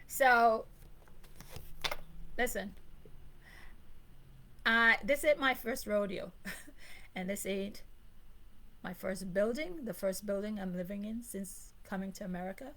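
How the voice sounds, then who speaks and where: A woman's voice: mid-range voice, slow pace, pauses often, a bit bright, rough recording. A woman from Grenada, delivering an emphatic live monologue to her channel, often repeating herself and laughing briefly. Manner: emphatic, repetitive, with short laughs. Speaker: channel host.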